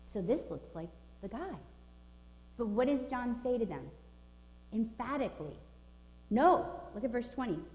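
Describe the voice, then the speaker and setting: A woman's voice: fairly high pitch, lively intonation, normal speed, mellow. A woman pastor in her forties delivers a sermon with emphatic, informal conviction. Her voice carries through a roomy church with a long, lingering reverb. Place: church sanctuary.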